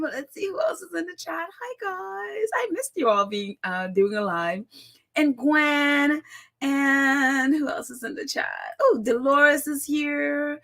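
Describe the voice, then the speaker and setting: High-voiced chatty woman hosting a live stream. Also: fairly bright tone. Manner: chatty, greets viewers by name, laughs often. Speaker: host of a royals commentary live stream. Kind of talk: casual live-stream chat.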